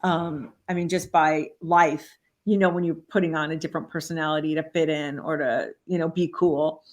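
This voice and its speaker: A middle-aged woman, a life coach and author, telling stories as an interview guest, often acting out quoted voices and saying "you know" a lot. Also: moderate pace. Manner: animated, acts out quoted voices with big pitch jumps; many fillers like "you know". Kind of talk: casual interview storytelling.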